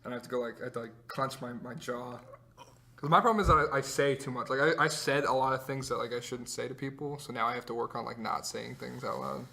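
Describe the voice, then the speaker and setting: A man's voice: mid-range voice, quick pace, creaky, bright, forceful tone. A teenage young man co-hosting a casual chat, telling rambling, profane stories full of "like.". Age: teens. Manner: rambling, profane storytelling with many "like"s. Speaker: co-host.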